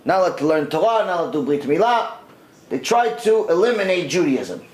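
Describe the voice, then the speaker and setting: Rabbi teaching through a story, high lively voice, echoey room. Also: male voice, brisk. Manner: animated, conversational retelling with voiced quotes. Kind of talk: storytelling lesson.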